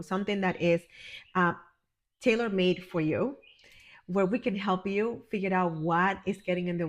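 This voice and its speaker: A woman's voice: fairly low pitch, lo-fi sound. Effusive motivational woman healer. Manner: effusive, emphatic, calls the viewer honey and my friend. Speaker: healer and life coach. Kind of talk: motivational direct-to-camera talk.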